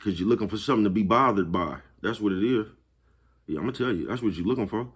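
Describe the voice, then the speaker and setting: This vlogger's voice sits fairly low with a breathy edge, and he talks fast. He gives a laid-back, swear-laden pep talk on his own channel, often chuckling and asking again and again if you follow him.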